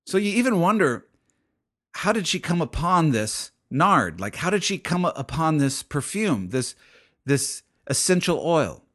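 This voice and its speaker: A man's voice: fairly high pitch, big pitch swings, unhurried, a bit bright. A man preaching a sermon in a conversational way, thinking aloud with many restarts and asides. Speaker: pastor.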